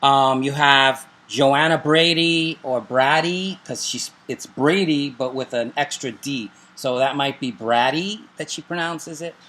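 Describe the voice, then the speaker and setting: A man's voice: mid-range voice, a little slow, hardly any pauses, a bit bright. A middle-aged man co-hosting a casual chat and recommending TV shows, joking and making self-deprecating asides. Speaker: show co-host.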